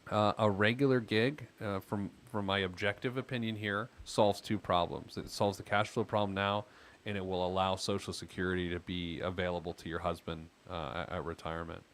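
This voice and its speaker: A man's voice: low voice, flat delivery, a little fast, fairly bright tone. Chatty easygoing male podcast host. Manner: chatty, easygoing, lots of filler words. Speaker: podcast host and financial planner. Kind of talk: casual advice chat with a caller.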